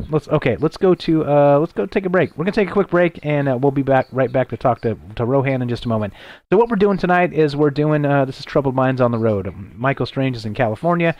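A man's voice: mid-range voice, animated, a little fast, a little mellow, lo-fi sound. A man hosting a casual late-night radio talk show from a laptop while on the road, rambling and poking fun at his own stumbles. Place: traveling, broadcasting from a laptop.

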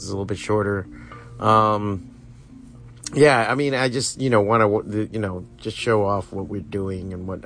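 A man hosting a casual podcast from a comic shop, telling rowdy stories full of swearing and acted-out voices, then wrapping up with plugs. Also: lowish voice. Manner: animated storyteller, swearing freely and acting out voices. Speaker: podcast host. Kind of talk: casual chat.

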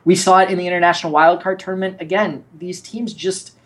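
Animated man breaking down esports play. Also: high-pitched, fast talker. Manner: animated, opinionated, acts out quotes. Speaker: esports analyst co-host. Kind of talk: casual analysis chat.

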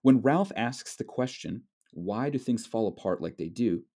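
A man lecturing on a novel in a measured, explanatory way, with frequent fillers. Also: mid-range voice, animated, warm tone. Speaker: literature lecturer. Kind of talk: recorded lecture.

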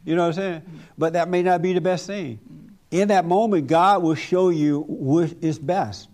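Male pastor, emphatic preacher in group discussion, voice a touch high. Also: normal speed, a little mellow. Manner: emphatic, preachy, laughs often.

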